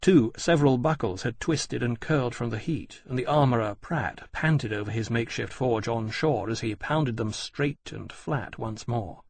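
A man reading a novel aloud in even, measured scripted narration. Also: mid-range voice, vocal fry, breathy edge. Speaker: audiobook narrator.

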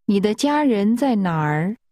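A woman modeling phrases for a language course with careful, deliberate enunciation. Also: medium pitch, very animated, warm tone, no echo, studio quality. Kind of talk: slow model pronunciation.

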